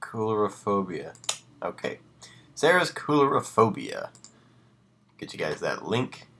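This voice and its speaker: A man reading horror stories aloud on a live stream, breaking off for casual asides and dropping to a hushed voice on the ominous lines. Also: lowish voice, very animated, slow pace, vocal fry, husky.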